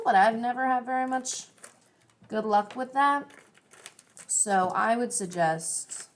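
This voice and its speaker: Her voice on the high side with big pitch swings, a young adult woman leads a classroom art lesson video at a measured pace. She chats encouragingly and thinks aloud while drawing and coloring.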